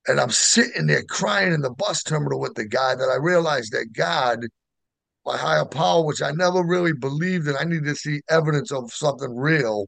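A middle-aged man with a gravelly, creaky voice. He tells his recovery story in casual, slangy talk with lots of fillers. The sound is dry and close, with no room around it. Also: a little high, moderate pace, fairly bright tone, no echo. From Boston area. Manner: emotional, street slang, many fillers. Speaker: guest sharing recovery story.

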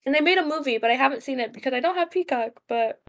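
A woman's voice: high-pitched, lively intonation, fast talker, a bit bright. A young woman co-hosting a podcast in casual chat, rambling with many fillers and giggles. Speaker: podcast co-host.

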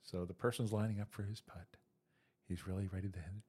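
A man's voice: on the low side, fairly even intonation, fast, warm tone, slightly rough. A man co-hosting a comedy podcast, chatting casually and telling dad jokes and long joke stories. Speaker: podcast co-host.

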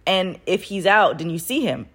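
An adult woman telling a personal story in a casual, animated way, swearing freely and laughing often as she talks. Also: on the low side, normal speed, husky. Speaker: vlogger.

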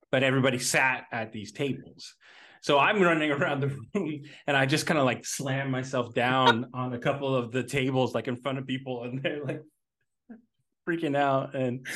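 A man's voice: mid-range voice, a little slow, long pauses, fairly bright tone. Male co-host, casual storyteller, filler-heavy, mid-range voice. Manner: rambling, many fillers and restarts, laughs while telling stories. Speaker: podcast co-host.

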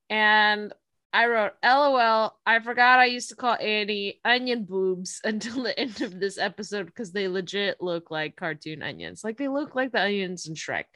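A chatty young woman with a slightly high voice talks through an episode recap. She laughs easily and reads from her notes. The sound is close and dry, with no room around it. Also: bright, forceful tone, no echo. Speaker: podcast co-host recapping an anime episode. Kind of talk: casual chat.

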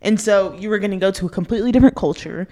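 A woman's voice: mid-range voice, very fast, dark tone. A woman hosting a podcast, responding with sympathy and frequent exclamations. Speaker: podcast host. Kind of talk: casual podcast conversation.

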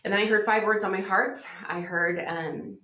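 A woman's voice: medium pitch, fairly even intonation, normal speed, sharp tone. A woman podcast guest telling her personal testimony in an earnest, reflective way, acting out the voices she quotes. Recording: roomy echo.

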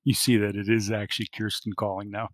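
A man's voice: on the low side, level tone, quick pace, a bit bright, no echo. A man narrating as game master, laid-back with lots of ums and uhs.

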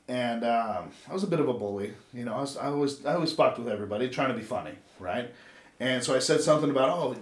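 A man in his thirties from Los Angeles tells a long story in a casual, rambling way, full of swearing and asides. His voice sits at an ordinary middle pitch. The sound is roomy and echoey, like a podcast taped in a bare room. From Los Angeles, USA. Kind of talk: casual chat. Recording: roomy echo.

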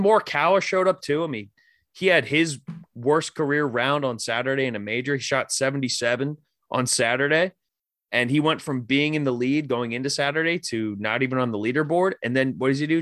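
A man's voice: mid-range voice, brisk, a bit bright, no echo, studio quality. Profane, rambling man talking sports. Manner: loose, profane, rambling with lots of "like". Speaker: podcast host. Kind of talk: casual sports podcast chat.

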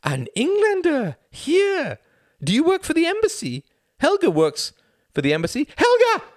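A brash, flirtatious party woman shrieks her teasing lines in a piercing high falsetto, as a male storyteller puts her on. The voice swoops widely and sounds close and dry. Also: wildly swooping pitch, moderate pace, no echo, heavily acted. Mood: shrill teasing.

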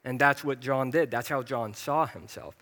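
A man's voice: mid-range voice, normal speed, bright, forceful tone. A young man preaching a sermon in a church, chatty and self-deprecating, with sudden emphatic bursts. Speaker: pastor. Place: church hall. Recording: church hall with long reverb.

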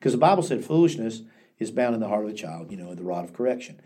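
A man's voice: fairly low pitch, very animated, fast, mellow, slightly rough. An older man, a pastor, telling stories in an earnest, reflective way, often restarting his sentences during a podcast interview. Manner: earnest storytelling with frequent restarts.

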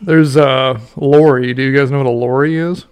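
A man's voice: medium pitch, steady tone, normal speed, clean tone. A man co-hosting a podcast in casual, swearing banter. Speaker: podcast co-host. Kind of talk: casual chat.

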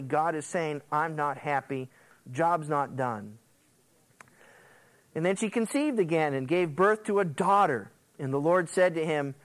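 A pastor preaching with plenty of energy. His voice sits high for a man and swings widely up and down as he reads the passage and breaks off into quick asides and jokes. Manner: animated, quips and laughs with the congregation. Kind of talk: sermon.

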